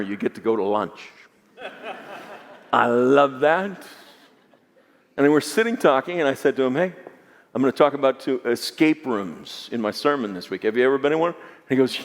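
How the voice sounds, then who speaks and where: A man preaching a sermon as pastor, dropping to hushed lows and climbing to emphatic peaks, asking the congregation to repeat lines back. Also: normal speed, long pauses. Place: large church sanctuary. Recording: long hall reverb.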